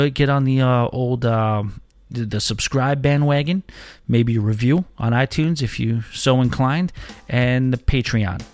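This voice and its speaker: A man's voice: medium pitch, darkish tone. A man hosting a podcast solo, chatting loosely with a self-deprecating, rambling manner. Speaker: podcast host. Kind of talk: casual solo podcast chat.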